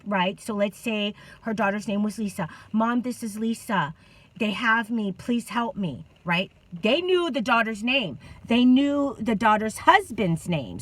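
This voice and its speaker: A woman telling a story in casual vlog talk, animated and venting, with lots of fillers. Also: medium pitch, rough recording. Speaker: vlogger.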